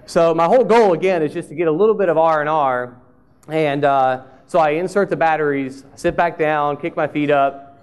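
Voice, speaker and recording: A man's voice: fairly high pitch, fairly quick, clear, resonant tone. A man who is a speech-language pathologist, giving a conference presentation in a conversational, self-deprecating storytelling manner. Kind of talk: conference presentation with humorous anecdote. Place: conference hall.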